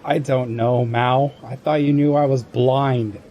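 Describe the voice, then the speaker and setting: A man with a mid-range voice plays a tabletop game in a dry, deadpan manner. Faint noise sits under his voice. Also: medium pitch, unhurried, dull audio. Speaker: player.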